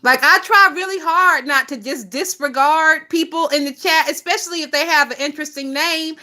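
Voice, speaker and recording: High bright-voiced woman gossiping on her livestream, swears a lot and cracks up laughing. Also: normal speed. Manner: profane, animated, laughing often. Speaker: livestream host.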